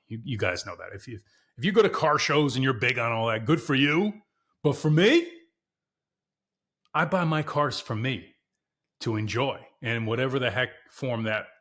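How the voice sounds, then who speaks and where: A man's voice: medium pitch, a bit bright. Candid, emphatic man talking cars. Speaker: podcast host. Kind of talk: casual car talk to viewers.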